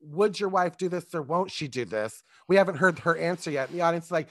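A man's voice: on the high side, a little fast, few pauses, no room sound. A man co-hosting a podcast in casual comedic chat, ranting profanely and mimicking people in funny voices. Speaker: podcast co-host.

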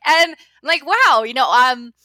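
Woman interviewer, lively and chatty; high, bright voice, dry close sound. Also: a little slow, no room sound. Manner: animated, chatty, laughs easily. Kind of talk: casual interview conversation.

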